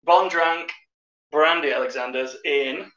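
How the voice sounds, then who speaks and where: A man's voice: on the high side, a little slow, bright, forceful tone. A man co-hosting a casual drinking show, rambling through sweary stories. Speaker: co-host. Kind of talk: casual boozy chat. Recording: roomy, distant, muffled stream audio.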